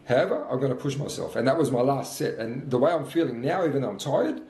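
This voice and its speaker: A man's voice: medium pitch, fast, mellow. A man in his fifties, out of breath between sprints, giving earnest, repetitive motivational talk in a workout vlog. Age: 50s. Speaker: fitness coach. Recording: roomy sound with faint background noise.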